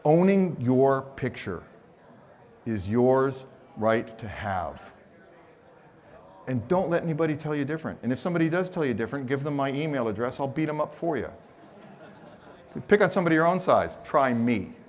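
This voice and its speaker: A man's voice: medium pitch, normal speed. A man giving a live photography seminar on a conference stage, telling stories with humor and acting out quotes. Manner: expressive storyteller, acts out quotes, teasing humor. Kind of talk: animated live seminar talk.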